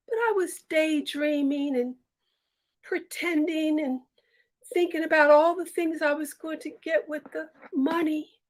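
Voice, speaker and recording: Woman storyteller doing a vain, giddy milkmaid, high and sing-song. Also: fairly bright tone. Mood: tearful. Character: vain daydreaming young milkmaid girl.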